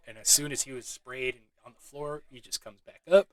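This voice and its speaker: A man giving a casual, excitable movie recap, swearing often and laughing as he talks. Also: medium pitch, brisk, no room sound, rough recording. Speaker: movie reviewer.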